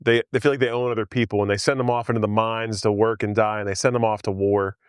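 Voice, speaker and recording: A man's voice: lowish voice, level tone, quick pace, smooth, no room sound, studio quality. A man casually recapping a film on a podcast, rambling with many fillers and frequent laughs. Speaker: podcast host. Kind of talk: casual movie recap chat.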